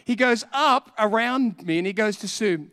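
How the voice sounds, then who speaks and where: A man preaching a sermon, telling a story with animated acted-out voices and frequent laughter. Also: sits high, moderate pace. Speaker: pastor.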